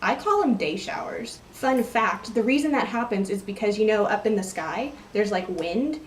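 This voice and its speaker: A woman's voice: mid-range voice, expressive, moderate pace, echoey room, far from the mic, a little hiss or hum. A young woman from Texas with a Texan accent, chatting casually and rambling through an accent tag vlog. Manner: chatty, rambling, self-deprecating. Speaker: vlogger.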